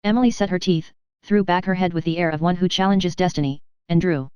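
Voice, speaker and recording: Woman narrator, lowish pitch, very smooth voice, dry and slightly dull recording, measured delivery. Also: dark tone, no room sound. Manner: measured, clear storytelling. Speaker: audiobook narrator. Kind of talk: scripted narration.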